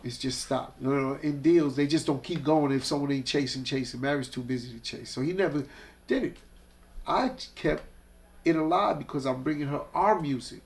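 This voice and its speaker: A man's voice: fairly high pitch, moderate pace. A man, a guest telling casual, profane stories and acting out the people in them. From Hollis, Queens, New York. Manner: animated, profane, acts out voices in stories. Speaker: guest, music executive. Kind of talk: casual storytelling.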